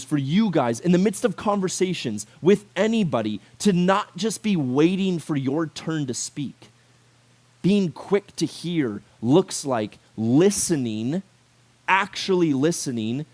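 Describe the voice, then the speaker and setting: Youth pastor guy preaching to teens, kinda high voice, super chatty, lots of "like" and questions to the crowd. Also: measured pace. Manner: animated, conversational, full of "like" and rhetorical questions. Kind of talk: casual youth sermon.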